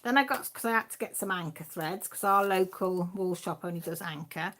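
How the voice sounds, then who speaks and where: A woman's voice: fairly low pitch, fairly quick, a bit bright, a little hiss or hum. A middle-aged woman with a Radnorshire Welsh accent, hosting a casual livestream, chatting in a rambling, self-deprecating way and reading out viewers' comments. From Wales, Radnorshire. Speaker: livestream host.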